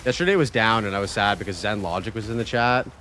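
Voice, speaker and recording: A man streaming a game live, chatting casually, reading chat aloud and swearing freely in loose, excitable talk. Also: lowish voice, fast talker, slight background noise.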